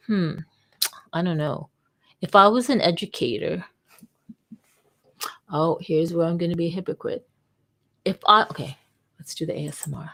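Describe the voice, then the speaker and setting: Rambling low-voiced woman livestreaming. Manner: rambling, self-interrupting, casual and jokey. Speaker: vlogger and livestream host. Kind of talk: casual livestream while typing. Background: keyboard typing.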